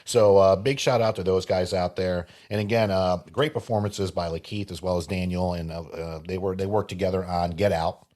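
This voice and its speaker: A man with a very low voice talks casually on a podcast. He laughs easily, swears now and then, and keeps the chat relaxed. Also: moderate pace, hardly any pauses. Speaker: podcast co-host.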